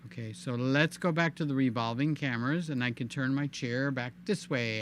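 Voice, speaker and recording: A man hosting a live stream in casual, animated chat, cooing in baby talk and reading viewer comments aloud. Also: medium pitch, normal speed, hardly any pauses, slight background noise. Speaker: livestream host.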